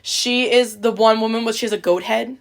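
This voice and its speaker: A woman's voice: fairly high pitch, steady tone, a little fast, gravelly. A woman co-hosting a podcast in casual chat, talking chattily and filling her sentences with "like". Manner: chatty, heavy use of "like". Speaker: podcast co-host. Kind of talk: casual chat about a video game.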